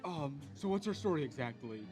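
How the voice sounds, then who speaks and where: A man's voice: on the high side, animated, fairly quick, darkish tone, soft background music. A man playing a tabletop game, easygoing and hesitant. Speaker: player.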